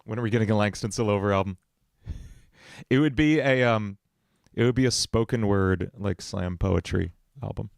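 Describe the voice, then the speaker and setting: Low gravelly man chatting on a livestream. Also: normal speed, no echo, studio quality. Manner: thinking aloud with fillers, answering chat. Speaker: musician and livestream host. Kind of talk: casual livestream songwriting chat. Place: home studio.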